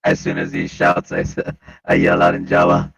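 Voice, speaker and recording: Very deep, gravelly-voiced man at a game table. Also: completely flat delivery, moderate pace, lo-fi sound, music in the background. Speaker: player. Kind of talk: playing a tabletop character.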